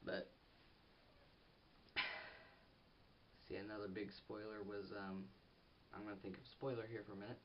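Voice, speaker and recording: A teenage boy giving a rambling, excitable casual film review for his vlog. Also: fairly low pitch, a little slow, pauses often. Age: teens. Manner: rambling and excitable, with restarts and giggles. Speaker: movie reviewer. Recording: distant, dull lo-fi audio with faint hiss.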